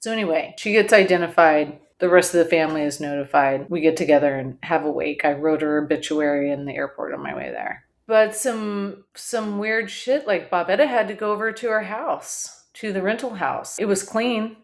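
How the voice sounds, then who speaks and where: Candid woman telling a dark family story. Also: fairly low pitch, lively intonation, normal speed, hardly any pauses. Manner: candid, blunt, swears casually; dark humor with short laughs. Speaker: podcast host. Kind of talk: personal storytelling.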